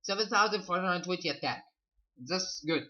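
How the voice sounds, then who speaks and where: A man's voice: high-pitched, moderate pace, pushed and bright, dull audio. A man hosting a gaming channel who reviews a game in loose, rambling commentary. He reads stats aloud, stumbles over numbers, and keeps repeating "so yeah" and "believe me.".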